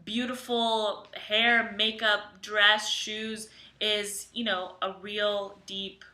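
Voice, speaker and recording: A woman's voice: mid-range voice, flat delivery, extremely slow, sharp tone, reverberant. A woman co-hosting a casual podcast, giving earnest dating advice and often agreeing. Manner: earnest, agreeable advice with many affirming responses. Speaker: podcast co-host. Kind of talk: casual chat.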